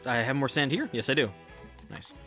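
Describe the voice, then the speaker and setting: A man's voice: medium pitch, lively intonation, moderate pace, a bit bright, faint music behind. A young man streaming a game, chatting casually in a rambling, profane way and laughing often. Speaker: live streamer.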